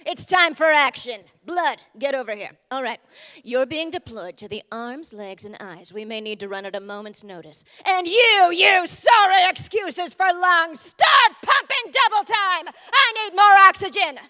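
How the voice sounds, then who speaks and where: A woman voicing a gruff male army general who barks orders, in a comic stage monologue. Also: very high voice, unhurried, pushed and bright, pitched above the performer's own voice, full character voice. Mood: barking. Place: theater stage. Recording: long theater reverb.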